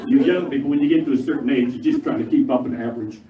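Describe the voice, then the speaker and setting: An older man performing a stand-up routine on stage, gruff and profane with punchy, jumpy delivery. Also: medium pitch, racing, phone-quality sound. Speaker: stand-up comedian. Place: live comedy club stage. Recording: echoey live room, mic far, crowd noise. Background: audience laughter.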